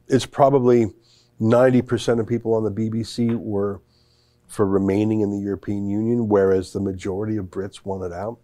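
A man's voice: on the low side, mellow, no room sound. A man hosting a commentary talk show, chatting casually and hesitantly, with many fillers and restarts. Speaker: host.

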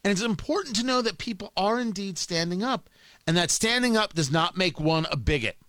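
Animated, bright-voiced male talk host. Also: sits high, brisk, no room sound. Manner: emphatic, repeats words when building a point. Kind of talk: opinion monologue.

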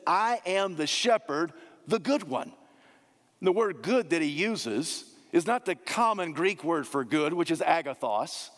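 A man preaching a sermon, emphatic, slowing down to repeat key phrases. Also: a little high. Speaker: pastor. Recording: long hall reverb.

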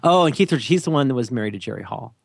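A man's voice: mid-range voice, very fast, vocal fry, no echo, studio quality. A man co-hosting a podcast, talking in a casual, rambling, jokey way and often cutting himself off. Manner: animated, jokey, rambling with self-interruptions. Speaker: podcast co-host.

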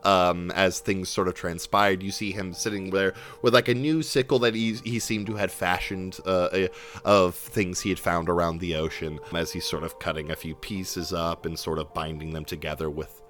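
A young man narrating a tabletop game as game master, animated and full of fillers and restarts. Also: low-pitched, moderate pace, faint music behind.

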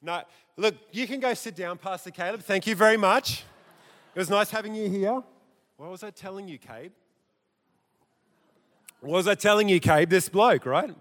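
A man preaching a sermon in a church, theatrical and animated, his loudness rising and dropping. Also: high-pitched, moderate pace, pauses often. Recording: echoey church hall.

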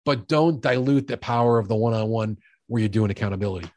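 A man's voice: on the low side, quick pace, a little mellow. A middle-aged man guesting on a sales-leadership interview, talking energetically and emphatically, often acting out quoted dialogue. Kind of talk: conversational podcast interview.

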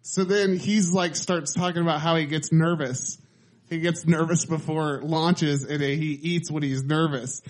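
A man's voice: fairly high pitch, measured pace. Easygoing podcast guy with a raised voice. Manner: relaxed, swears casually, describes scenes in detail. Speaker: podcast co-host. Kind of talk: casual chat.

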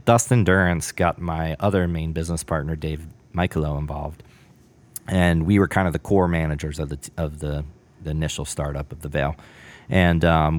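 A man brewer telling a story in a casual interview, rambling with many fillers and acting out bits of dialogue. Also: extremely low pitch.

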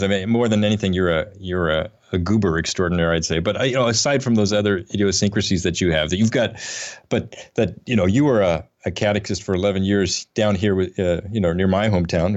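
A man's voice: deep voice, dull audio. A man hosting a casual podcast, rambling and self-deprecating, with lots of fillers and restarts. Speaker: podcast host. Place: Atlanta area.

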